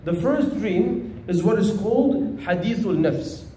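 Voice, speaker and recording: A man's voice: high-pitched, animated, measured pace, dark tone, roomy sound, slight background noise. A man teaching a religious lesson in a conversational, storytelling manner. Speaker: Islamic teacher.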